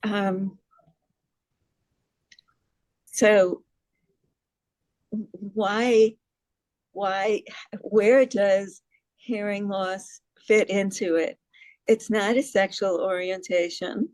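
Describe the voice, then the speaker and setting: A woman's voice: medium pitch, fairly even intonation, drawn-out words, long pauses, darkish tone, dry recording, low-quality recording. A middle-aged woman from New York City gives a casual presentation to a group, asks the audience questions and laughs at herself. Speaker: presenter on hearing loss advocacy.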